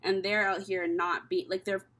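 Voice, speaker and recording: A woman's voice: medium pitch, level tone, moderate pace, fairly bright tone. A young woman from Canada doing a casual tarot reading and talking candidly, with plenty of swearing, as she thinks aloud. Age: young adult. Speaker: tarot reader.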